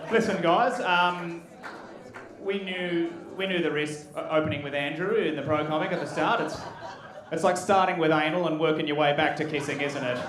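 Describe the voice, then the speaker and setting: A man acting as compere, shouting introductions to a live comedy crowd. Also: fairly high pitch, moderate pace, background noise. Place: comedy club stage. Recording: echoey club, music and crowd behind.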